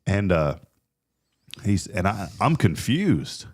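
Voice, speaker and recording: A man's voice: deep voice, slow, slightly rough. A man telling a personal story in casual chat, acting out the voices he quotes with plenty of restarts. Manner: animated, acts out quoted voices, many restarts.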